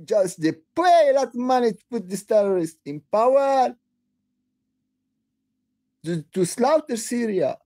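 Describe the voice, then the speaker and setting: A woman hosting her own channel, delivering an impassioned, upset political rant that breaks into shouting and halting restarts. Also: on the high side, expressive, no echo. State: upset, near tears. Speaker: online channel host. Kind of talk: angry political rant to camera.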